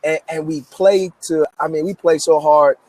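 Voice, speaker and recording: A man's voice: on the high side, moderate pace. A man in his thirties from Memphis, a guest author telling his story in an interview with eager energy and many restarts. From Memphis, United States. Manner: energetic, repetitive restarts, emphatic.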